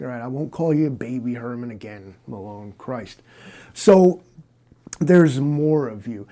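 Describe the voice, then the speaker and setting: Low-key, hesitant man hosting a stream. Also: normal speed, warm tone. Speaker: livestream host. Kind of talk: improvised comic interview.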